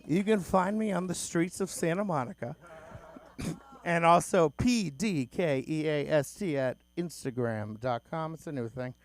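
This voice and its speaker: A man's voice: on the high side, unhurried. A man doing a crude, self-deprecating stand-up bit at an open mic in a small comedy club, swearing freely.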